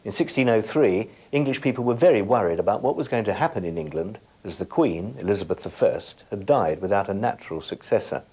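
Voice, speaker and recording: Middle-aged guy teacher, low husky voice, sing-songy delivery, telling you what to write down. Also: animated, a little fast, hardly any pauses, warm tone. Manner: instructive, addresses viewers directly with tasks. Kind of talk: scripted educational presentation.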